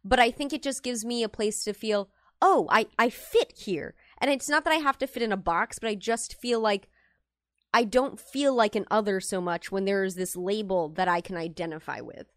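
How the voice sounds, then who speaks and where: A woman's voice: mid-range voice, brisk, dry recording, clean studio sound. A young woman hosting a casual group discussion over an online call, talking earnestly and rambling with restarts. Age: young adult.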